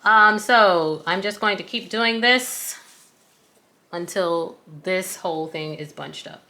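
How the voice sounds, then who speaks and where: A woman's voice: lowish voice, takes it slowly, sharp tone. A woman with a Southern US accent, chatting casually while walking viewers through a sewing tutorial in a folksy, self-deprecating way. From American South. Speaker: craft tutorial host.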